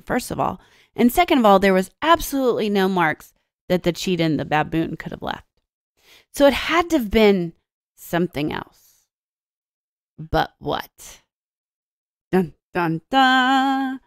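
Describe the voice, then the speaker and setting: A woman teacher reading a story aloud to children and explaining it, with expressive storytelling and dramatic pauses. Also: mid-range voice, no echo, studio quality.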